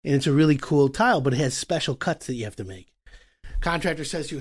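A man hosting a talk show about home renovation, explaining with animated acted-out dialogue. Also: fairly high pitch, fast, breathy edge. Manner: animated, acts out customer and contractor voices. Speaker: podcast host.

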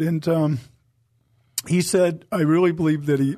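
A man co-hosting a Christian talk show, giving an earnest, emotional personal testimony and slowing down to stress his points. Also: sits high. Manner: earnest, emotional, slows for emphasis.

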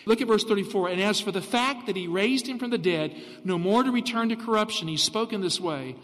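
High-voiced pastor preaching with reverb. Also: male voice, fairly bright tone. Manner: slow, emphatic scripture reading. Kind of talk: radio sermon.

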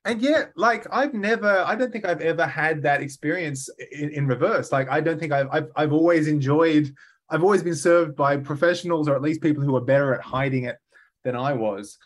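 A man's voice: on the high side, brisk. A man in casual podcast chat, rambling through stories and laughing often. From Australia.

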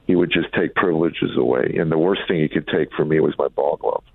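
Deep gravelly man on a phone line. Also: fairly quick, no echo. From Chicago, USA. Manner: reflective, wry, acts out family quotes. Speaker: comedian and author, guest. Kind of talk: candid storytelling in an interview. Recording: dry phone-line sound.

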